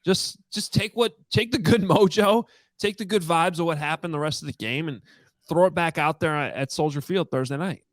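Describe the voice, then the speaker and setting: A man's voice: fairly high pitch, moderate pace, no echo, clean studio sound. A man co-hosting a sports podcast in casual, chatty talk, often restarting his sentences. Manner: chatty, many restarts and fillers. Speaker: podcast co-host.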